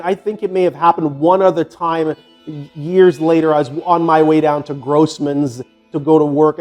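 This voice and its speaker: A man's voice: on the high side, darkish tone. An older man telling a personal story casually, rambling and swearing freely, with many fillers and restarts. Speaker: fitness vlogger.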